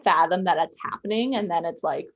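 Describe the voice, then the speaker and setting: A woman's voice: fairly low pitch, fairly quick, highs cut off. Woman podcast co-host, easygoing reactions, casual chat. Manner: reactive, laughs along.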